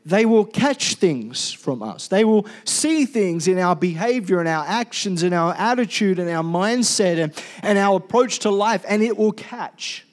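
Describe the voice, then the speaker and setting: A man preaching a sermon as pastor, animated and calling on the congregation to respond. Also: high voice, unhurried, hardly any pauses.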